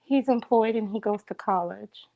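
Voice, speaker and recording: A woman guest on a live stream, answering questions in a calm, matter-of-fact way. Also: mid-range voice, normal speed, gravelly, lo-fi sound, slight background noise. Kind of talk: casual interview chat.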